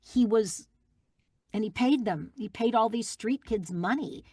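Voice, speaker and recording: A middle-aged woman, a guest voice actress, chatting in an interview and telling lively stories with plenty of fillers. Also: fairly high pitch, a little slow, husky, dry recording, clean studio sound. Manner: warm, animated storytelling with fillers. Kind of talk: casual interview chat.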